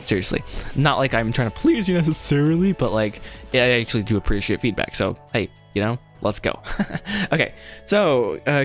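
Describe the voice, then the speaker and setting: A man chatting casually on a livestream while writing a script, rambling, correcting himself and laughing often. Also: mid-range voice. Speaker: animation filmmaker livestreaming his script writing.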